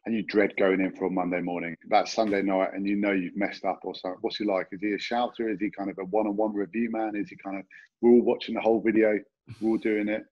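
A man's voice: low-pitched, flat delivery, fast talker, few pauses, lo-fi sound. A man, a former rugby player, telling easygoing stories and asking about team habits on a podcast. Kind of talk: casual chat.

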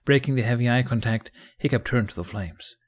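A man narrating a fan fiction audiobook in a calm, even storytelling manner. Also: medium pitch, fairly quick.

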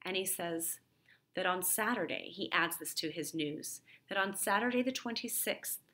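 A woman's voice: on the low side, expressive, normal speed, pushed and bright. A woman teacher summarizing a play for a literature lesson, retelling it in a conversational way with fillers.

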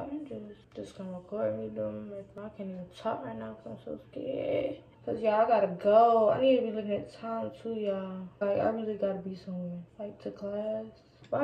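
Young woman, casual makeup vlog chat, gravelly vocal fry, echoey dull lo-fi room sound. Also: mid-range voice. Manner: chatty, addresses viewers as y'all, drops into whispers. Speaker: vlogger. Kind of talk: casual get-ready-with-me chat. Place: indoors at home doing makeup.

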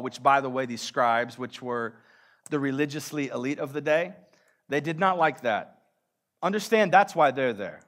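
A man preaching a sermon as pastor, animated, building to loud peaks and calling out to the congregation. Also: fairly high pitch. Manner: acts out quoted voices in a casual street tone.

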